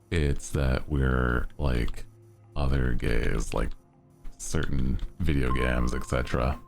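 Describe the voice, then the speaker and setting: A man's voice: a bass voice, steady tone, very slow, creaky, long pauses, soft background music. A man chatting casually on a live stream as its host, with a melodic, lilting delivery that rises at the ends of sentences.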